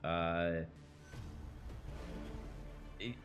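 Podcast co-host, male, low voice, loose and hesitant, full of fillers. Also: very slow, highs cut off, music in the background. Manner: rambling, hesitant, many fillers. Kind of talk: casual chat.

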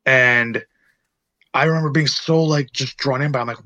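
Man, late twenties, podcast co-host, rambling, lots of fillers, mid pitch, dry sound. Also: normal speed, bright, forceful tone, no room sound, muffled recording. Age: late 20s. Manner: rambling, many fillers and restarts. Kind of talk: casual movie-review chat.

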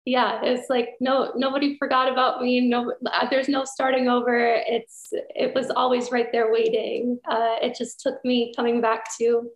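A woman talks in a reflective, spiritual way, her sentences looping with soft "you know" and "like" as she muses. Her voice sits a touch high, and the room around her rings with a noticeable echo. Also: little pitch movement, normal speed, hardly any pauses. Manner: reflective and spiritual, with gentle filler words. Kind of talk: casual heartfelt conversation. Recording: echoey room.

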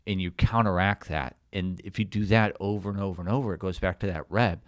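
A man's voice: deep voice, steady tone, a little fast, hardly any pauses, dry recording, clean studio sound. A man hosting a podcast in an encouraging way, summing up his guest's points and acting out quotes with animation. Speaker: podcast host. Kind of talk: casual podcast conversation.

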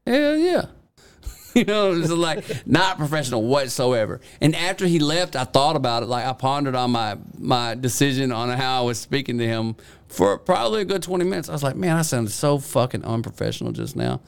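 A laid-back man with a gravelly yet smooth, resonant voice, joking and swearing through casual podcast talk. He laughs easily and tells his stories in an unhurried way. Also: medium pitch, lively intonation. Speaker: podcast co-host. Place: indoor podcast studio.

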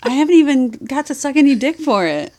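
A woman's voice: high voice, expressive, a little fast, warm tone, slight background noise. A young woman co-hosting a podcast in casual chat, crude and rambling, often breaking into laughter. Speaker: podcast co-host.

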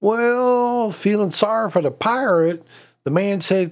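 A man telling folksy jokes in a drawn-out, deliberate storytelling manner. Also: sits high. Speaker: joke teller.

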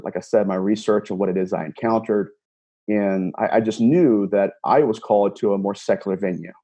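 A man with a low, warm, slightly husky voice recounts a strange experience in an interview. He talks in bursts, restarts his sentences and repeats words as he goes. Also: muffled recording. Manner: animated retelling, frequent restarts and repeated words. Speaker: guest, paranormal investigator. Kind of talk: storytelling interview.

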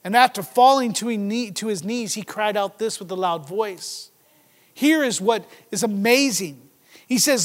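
A man preaching a sermon, with swings between loud, emphatic passages and hushed, low stretches, and some restarts. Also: unhurried.

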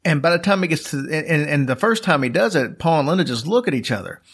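A man's voice: on the high side, animated, fast talker, a bit bright, breathy edge. A man casually telling a long story as a podcast host, rambling with fillers and restarts.

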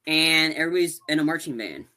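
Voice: mid-range voice, expressive, fast, bright, forceful tone. A young adult podcast co-host chatting casually about a movie, rambling with lots of fillers and restarts.

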